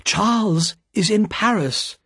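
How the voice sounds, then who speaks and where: A man's voice: sits high, measured pace, dry recording, clean studio sound, pitched above the performer's own voice. A man voicing a distressed young woman in an audiobook, breathless and pleading.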